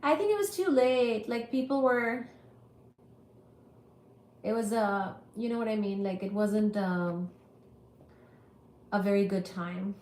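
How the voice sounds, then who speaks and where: A woman's voice: medium pitch, takes it slowly, long pauses, darkish tone. A woman hosting a physics livestream, chatting with viewers in an apologetic way while still getting over an illness. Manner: chatty and apologetic, reads viewer comments aloud. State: recovering from illness. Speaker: livestream host teaching physics. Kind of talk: casual livestream chat with viewers. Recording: echoey room with faint ambience.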